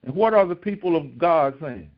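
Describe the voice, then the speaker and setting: A man preaches a recorded devotional sermon in an animated way at a moderate pace, posing rhetorical questions and raising his voice high when acting out pleas. The recording sounds dull and lo-fi.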